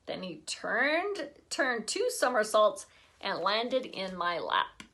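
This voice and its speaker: Lively, bright-voiced woman teacher reading aloud. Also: mid-range voice, slow. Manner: expressive, with chatty asides. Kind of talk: reading a children's book aloud.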